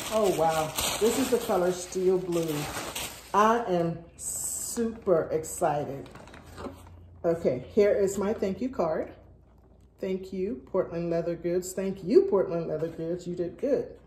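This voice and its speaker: Woman, unboxing vlog, gasping and gushing, unhurried pace, echoey room, faint background hiss. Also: on the low side, darkish tone. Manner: gushing, gasping, breathless exclamations. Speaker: vlogger. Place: at home, indoors.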